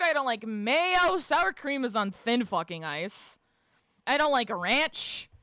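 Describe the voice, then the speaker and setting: A woman streamer chatting casually with her live chat, swearing freely, laughing often and shouting out greetings. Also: fairly high pitch, animated, takes it slowly, smooth, no echo, clean studio sound. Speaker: livestreamer reading and answering chat.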